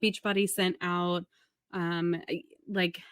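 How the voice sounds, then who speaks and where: A woman's voice: lowish voice, little pitch movement, slow pace, fairly bright tone, clear, resonant tone, no room sound. A woman hosting a casual commentary video, talking in a chatty, wry way with many fillers. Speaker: commentary channel host.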